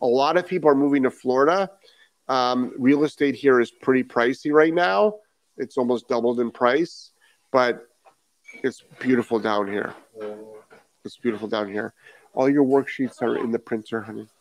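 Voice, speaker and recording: Medium-pitched and speaking at normal speed with no echo, a dog trainer from Rhode Island runs a live stream, reading viewer comments aloud. He speaks emphatically, restating key phrases and asking rhetorical questions.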